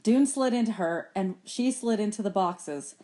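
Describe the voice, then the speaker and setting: A woman reads a children's novel aloud for her students. Her voice sits in an ordinary middle range. She reads with expression and raises her pitch when the characters speak. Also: moderate pace, dark tone. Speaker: teacher reading aloud to students. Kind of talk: audiobook chapter reading.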